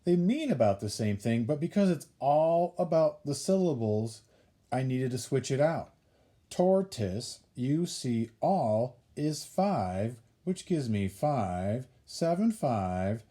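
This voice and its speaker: Male teacher, patient and repetitive, unhurried delivery, lots of melody in the voice. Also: medium pitch, sing-song, warm tone. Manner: patient, repeats key points, counts out syllables. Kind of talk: classroom instruction video.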